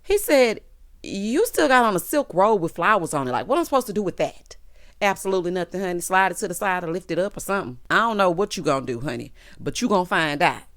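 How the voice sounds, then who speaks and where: A woman's voice: lowish voice, very animated, quick pace, a bit bright, dry recording, studio quality. A woman reviewing a TV episode in a casual vlog, sassy and playful, laughing often and acting out the characters' lines. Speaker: TV recap reviewer.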